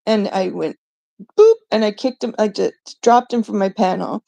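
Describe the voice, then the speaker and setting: Gravelly woman ranting indignantly. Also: medium pitch, moderate pace, mellow. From Canada. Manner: indignant, profane, rambling with many fillers. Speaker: livestream host. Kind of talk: ranting monologue.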